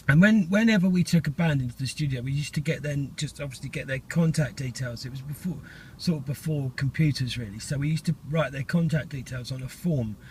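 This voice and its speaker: A man's voice: mid-range voice, a little fast, a little mellow, a little hiss or hum. A middle-aged man, talking in a casual, rambling vlog monologue full of fillers and restarts.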